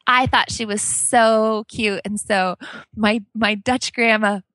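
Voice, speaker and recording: A woman in her forties, a book author chatting as a guest and telling a family story in an animated way. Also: mid-range voice, slow, no echo. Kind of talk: casual storytelling.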